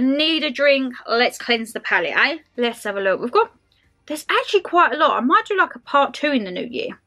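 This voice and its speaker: A woman's voice: fairly high pitch, bright, forceful tone. A woman in her twenties doing a casual, rambling Q&A vlog to camera, calling her viewers her lovelies. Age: 20s. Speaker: lifestyle vlogger.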